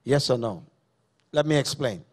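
A pastor delivers a sermon at his church service, asking the congregation questions and repeating important phrases. He has a husky, medium-pitched, expressive voice at a moderate pace.

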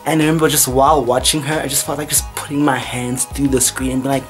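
A man's voice: on the high side, fairly quick, hardly any pauses, a bit bright, faint music behind. A young man chatting playfully in a casual home vlog, with lots of asides and fillers. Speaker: vlogger. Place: room at home.

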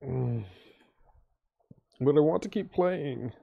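A man's voice: on the high side, lively intonation, takes it slowly, creaky, breathy edge, narrow, tinny audio. A worn-out, sleepy man streaming a game, talking casually over his play and mumbling with sighs and groans. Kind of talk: casual gameplay commentary.

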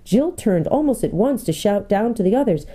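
Mellow-voiced woman reading a storybook. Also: mid-range voice, moderate pace, slightly rough. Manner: expressive storytelling. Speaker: pastor. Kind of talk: reading a children's book aloud.

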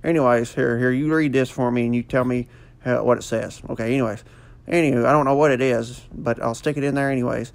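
A man's voice: mid-range voice, fairly even intonation, fast, creaky. A man doing a goofy, rambling comic voiceover full of fillers. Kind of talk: joking mock voiceover.

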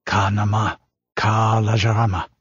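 A man's voice: lowish voice, flat delivery, a little slow, fairly bright tone, breathy edge, dry recording, lo-fi sound, heavily acted. A man voicing a fierce, proud Pictish warrior who speaks in a guarded, curt and sneering way. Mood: guarded scornful.

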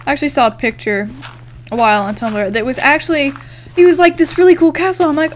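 A woman's voice: high-pitched, steady tone, quick pace, slight background noise. A young woman giving casual let's-play commentary, chatting, swearing freely and counting blocks aloud as she builds. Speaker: gaming YouTuber.

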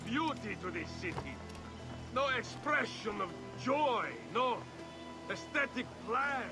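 A man's voice: very high-pitched, expressive, slow, music in the background, heavily acted. A man voicing a snobbish townsman who scorns the city as graceless and common, in a video game. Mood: disdainful. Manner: haughty, sneering.

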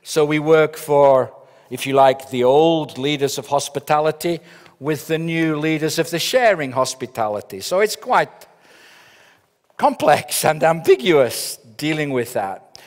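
A man's voice: a little high, expressive, unhurried. A middle-aged man giving a humorous conference keynote, telling stories that build to punchlines. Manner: joking, storytelling with punchlines. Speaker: keynote speaker. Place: large conference hall. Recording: long reverb of a large hall.

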